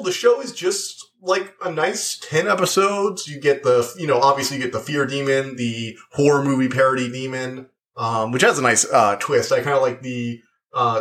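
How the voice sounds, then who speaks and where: A man's voice: medium pitch, a bit bright. A young man talking through a show review in casual chat, rambling and full of likes and uhs.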